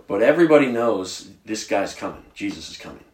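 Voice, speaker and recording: A man from Virginia co-hosting a podcast, chatting about Bible stories in a casual, animated way with plenty of filler words. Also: fairly low pitch, fairly quick, roomy sound. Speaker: podcast co-host.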